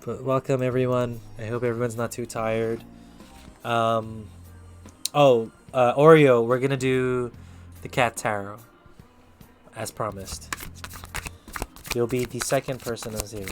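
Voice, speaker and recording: A man's voice: medium pitch, steady tone, unhurried, pauses often, faint music behind. A man giving a casual tarot reading on a live stream, chatting loosely and directly with his viewers. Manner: chatty, talks straight to chat viewers, loose and upbeat.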